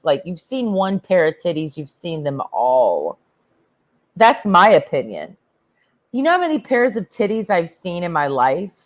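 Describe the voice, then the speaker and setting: A tipsy woman rants on a livestream in a blunt, crude and rambling way. Her pitch swings widely from line to line, and she drags her words out at an unhurried pace. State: tipsy from drinking. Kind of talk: profane ranting livestream monologue.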